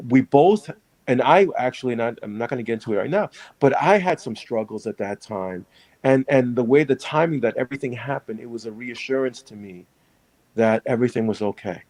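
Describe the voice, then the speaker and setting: A man's voice: mid-range voice, a little mellow, no room sound, rough recording. A man who is a priest, telling his story in an interview in an earnest, reflective way.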